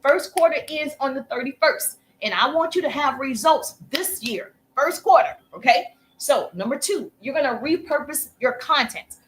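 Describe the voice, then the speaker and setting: A woman coaching viewers on a live stream, chatty and energetic, breaking off to thank viewers as she teaches. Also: high-pitched, normal speed, slight background noise. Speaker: social media coach.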